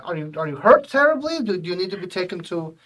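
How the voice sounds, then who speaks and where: A man's voice: high-pitched, big pitch swings, quick pace, a bit bright, distant mic, pitched above the performer's own voice. A man voicing a nervous young man with a faint foreign accent, stammering as he offers help. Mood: flustered. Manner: hesitant, stammering.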